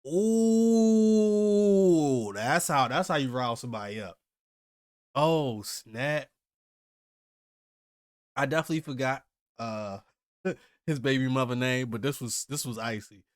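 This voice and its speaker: A man with a mid-range, slightly bright voice hosts a comic reaction video, recorded dry with clean studio sound. He reads the chapter aloud at a normal speed with long pauses, reacting casually and often thinking aloud with hesitant restarts.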